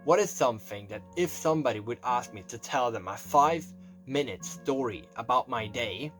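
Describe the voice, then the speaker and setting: A man's voice: medium pitch, animated, moderate pace. A young man telling a confessional story, rambling and emotional, close to tears and swearing often. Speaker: vlogger. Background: faint background music.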